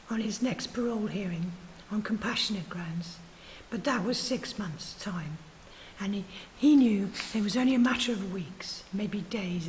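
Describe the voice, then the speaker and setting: A woman reading her own story aloud at a spoken word night, breathy and soft, sometimes stumbling and correcting herself. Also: medium pitch, a little hiss or hum, poor audio. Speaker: writers group reader.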